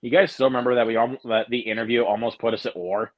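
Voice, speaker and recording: A man's voice: mid-range voice, fairly even intonation, fast, lo-fi sound. A young man chatting casually during a movie watch-along, joking and adding apologetic asides. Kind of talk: casual chat.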